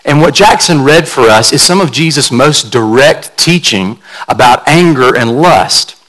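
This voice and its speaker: A man's voice: medium pitch, animated, unhurried, fairly bright tone, rough recording. A man pastor delivering a sermon in a conversational, storytelling way, carefully explaining word meanings like a teacher.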